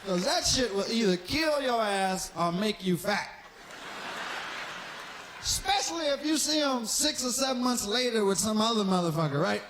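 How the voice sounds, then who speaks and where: Man, 40s, stand-up comedian, profane storytelling, acts out characters, high voice, very lively pitch. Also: normal speed, slight background noise. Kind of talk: live stand-up comedy routine. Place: live stage show.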